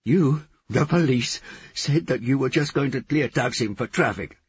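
A man voicing a frantic, furious woman who screams and shouts her lines in a shrill voice. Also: moderate pace, husky, lo-fi sound.

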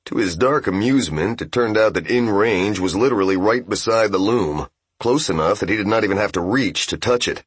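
A man narrating a fantasy game novel as an audiobook, in steady, even storytelling. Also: on the low side, fairly quick, slightly rough, no echo.

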